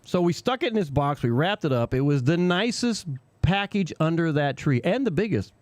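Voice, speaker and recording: A male radio co-host with a fairly high pitch and moderate pace tells a childhood story in a casual studio chat, animated and laughing often as he goes. There's no echo.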